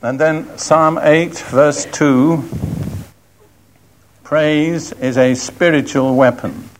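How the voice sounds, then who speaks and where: Older man preaching slowly and deliberately. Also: on the high side, steady tone, slight background noise. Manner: slow, deliberate, emphatic reading of scripture. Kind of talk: sermon.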